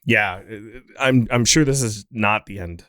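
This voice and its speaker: A man's voice: fairly low pitch, a little slow, fairly bright tone, dry recording. A man hosting a podcast, talking casually in an opinionated, joking way with restarts. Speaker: podcast host. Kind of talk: casual chat.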